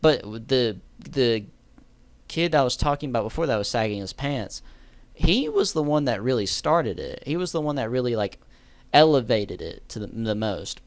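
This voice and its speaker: A man's voice: mid-range voice, very animated, normal speed, no echo. A man telling a story in a casual storytime monologue, rambling, correcting himself and laughing at his own story. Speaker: storyteller vlogger.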